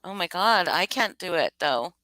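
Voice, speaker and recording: A woman's voice: lowish voice, big pitch swings, normal speed, bright, forceful tone, no echo, rough recording. A tired woman chatting casually on a livestream, swearing freely and laughing at herself. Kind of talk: casual chat.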